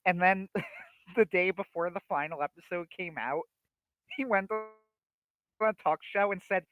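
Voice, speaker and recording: A young man casually chatting on a livestream about a TV series, animated, laughing often and restarting his sentences. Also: high voice, unhurried, pauses often, no echo, lo-fi sound. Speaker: livestream co-host.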